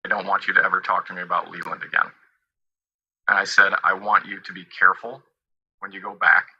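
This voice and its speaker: A man halting through a personal account of a dispute, often quoting past talks word for word. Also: low voice, creaky, pushed and bright, husky, muffled recording. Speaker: party in a dispute.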